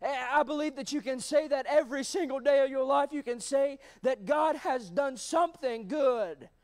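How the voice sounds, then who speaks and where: A man preaching a sermon in a church, fervent and rising to shouts at times, calling out to the congregation. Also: extremely high pitch, moderate pace. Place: church sanctuary.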